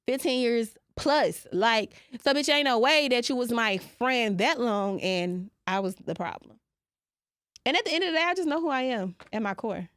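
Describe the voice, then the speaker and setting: A woman with a fairly high, fairly bright voice hosts a podcast from a small studio, recorded cleanly on a studio microphone with no echo. Her monologue is brash, profane and playful, aimed straight at her listeners.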